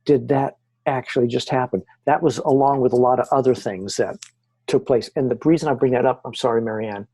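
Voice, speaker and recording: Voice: medium pitch, a little fast, breathy edge, no room sound. A guest on an interview show telling first-hand haunting stories, acting out the voices of the people and the recordings. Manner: animated, acts out quoted voices, frequent restarts. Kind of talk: conversational storytelling interview.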